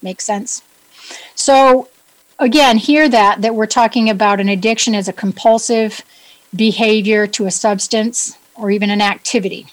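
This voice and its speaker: A woman's voice: medium pitch, fairly even intonation, normal speed, rough recording. Chatty upbeat woman with a New England accent. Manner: chatty, upbeat, self-joking, asks listeners questions. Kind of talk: casual solo talk to listeners.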